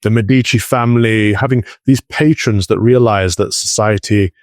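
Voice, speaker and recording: A man who is a priest, co-hosting a podcast, chatting in a friendly way with quick asides. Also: fairly low pitch, no echo, studio quality. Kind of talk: casual chat.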